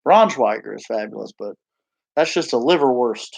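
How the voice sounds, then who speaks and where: A man's voice: medium pitch, lively intonation, normal speed, vocal fry, darkish tone, no echo, rough recording. A man co-hosting a live stream, chatting casually in a rambling, jokey way and laughing often.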